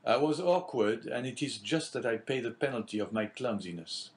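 A man's voice: medium pitch, animated, moderate pace, lightly acted. A man reading the part of a stubborn young sailor feigning injury in an audiobook, speaking insistently. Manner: insistent, somewhat raised over the narration.

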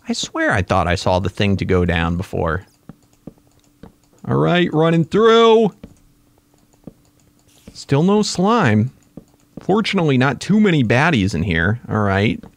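A man narrating his own game play as he goes, an excitable gamer who exclaims at the creatures he finds. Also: medium pitch. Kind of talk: casual gaming commentary.

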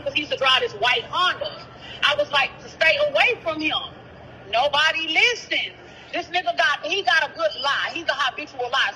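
A woman's voice: sits high, pushed and bright, a little hiss or hum, low-quality recording. A woman, calling in to an interview and bluntly telling a heated, profane story full of quoted dialogue. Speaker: caller, sister of the rapper discussed.

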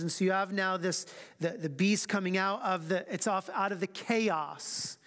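High-voiced pastor in a reverberant church. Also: male voice, fairly bright tone. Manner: reads scripture slowly and emphatically, then talks quickly and casually. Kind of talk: teaching a church Bible class.

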